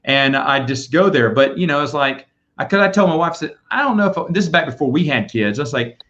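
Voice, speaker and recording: A man's voice: mid-range voice, a little fast. Rambling man host, lo-fi sound. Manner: rambling, animated storyteller. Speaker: podcast host. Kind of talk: casual chat. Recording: dull lo-fi audio.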